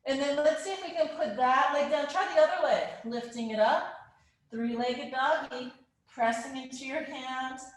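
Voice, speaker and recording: Playful and encouraging, a kids yoga teacher leads a children's class in a live virtual session, tossing in animal sounds as she goes. Her voice is high-pitched and her pace moderate. The room she's recorded in is very echoey.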